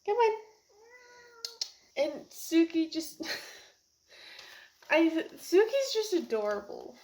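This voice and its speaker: A young woman's extremely high, very animated voice, a little mellow and slow-paced, carries a casual vlog review of a book she's just completed. She's teary and rambling, laughing while nearly crying.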